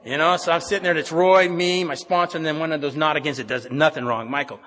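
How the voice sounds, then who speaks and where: A middle-aged man from the Pacific Northwest of the US tells his recovery story as a speaker at an AA meeting, plainspoken and often restarting his sentences. His voice is on the high side, steady and a bit bright, with a quick pace. The meeting hall echoes.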